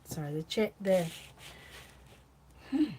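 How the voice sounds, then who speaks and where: A woman's voice: mid-range voice, very animated, slow pace, mellow, a little hiss or hum. An Australian woman hosting a casual live chat, rambling and reading out viewer comments while tired and yawning. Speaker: channel host.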